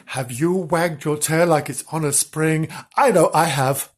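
Husky, low-voiced woman reading aloud. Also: a little slow, few pauses. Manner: playful, chatty asides, laughs at the text. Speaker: storyteller. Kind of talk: children's story reading with asides.

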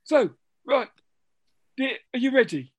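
A woman hosts a relaxed quiz, quick to tease and joke crudely with the players. Her voice sits high. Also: breathy edge, no echo, highs cut off. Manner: teasing, bawdy, laughing quizmaster. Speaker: quiz host. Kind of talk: casual podcast quiz banter.

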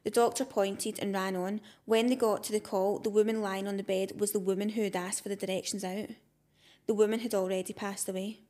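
A woman's voice: medium pitch, level tone, brisk, warm tone. A young woman co-hosting a podcast, chatty and conversational, often tagging sentences with "right?". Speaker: podcast co-host. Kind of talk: casual chat, reading listener stories.

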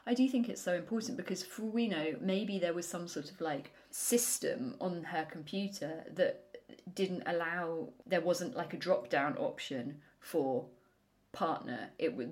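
Woman, thirties, from the UK, podcast co-host, chatty, frank, slightly low voice. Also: moderate pace, darkish tone. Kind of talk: casual podcast chat.

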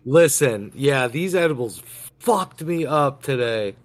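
A man's voice: mid-range voice, expressive, slow. A man co-hosting a casual movie watch-along podcast, blunt and swearing freely. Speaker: podcast co-host.

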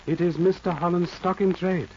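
A formal, patient old detective, played by a man in a vintage radio drama, talking in clipped proverbs with articles dropped. The voice sits high but sounds dark and mellow. The old broadcast is muffled, with a faint hiss. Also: steady tone, moderate pace, lightly acted. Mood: calm, formal. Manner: clipped stilted phrasing, drops articles, polite and aphoristic. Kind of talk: 1940s radio acting.

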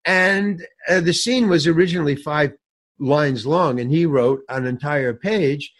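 A man's voice: on the high side, measured pace. An older man telling an anecdote in an interview, acting out the people in it, laughing as he talks and swearing casually. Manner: lively storyteller, mimics others, laughs mid-sentence, swears casually. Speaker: guest actor telling a story. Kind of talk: animated anecdote with acted-out quotes.

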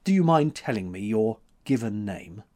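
A man's voice: lowish voice, lively intonation, normal speed, darkish tone, close to an everyday voice. A man voicing a wry, self-mocking young drifter with a dry manner. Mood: guarded.

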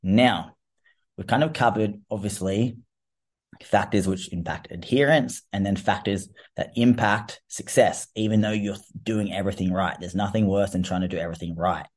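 A man's voice: sits low, normal speed, a little mellow. An Australian man hosting his own fitness coaching podcast, talking in a chatty, rambling, informal way. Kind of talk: casual solo podcast talk.

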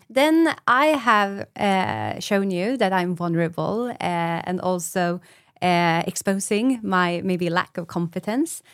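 A woman's voice: medium pitch, slow, smooth, no echo, studio quality. A woman, a brain specialist explaining ideas in a podcast interview and acting out little example dialogues.

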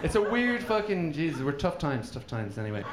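Male stand-up, sweary crowd work, bit high, echoey club with audience noise. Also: a little fast. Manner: sweary, laughing, animated storytelling. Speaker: comedian doing crowd work. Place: comedy club stage. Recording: echoey live room with crowd.

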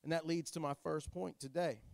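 A pastor preaches with a strikingly high voice, heard up close and bone-dry. His delivery is dramatic, dropping to a hush before climbing to full-throated shouts. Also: steady tone, moderate pace, vocal fry, dry recording. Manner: dramatic preaching, swinging between hushed and shouting. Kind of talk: sermon.

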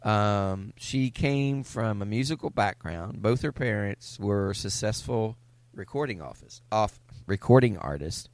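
A man co-hosting a comedy podcast, reading a film star's biography from notes and often pausing on fillers. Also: on the low side, lively intonation, no echo. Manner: reads notes with frequent filler pauses. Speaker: podcast co-host.

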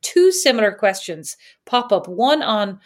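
A woman co-hosting a conversational podcast, bantering and telling everyday stories with a playful, teasing edge. Her voice sits at a middle pitch, relaxed and chatty. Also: a little slow. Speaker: podcast co-host. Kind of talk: casual chat.

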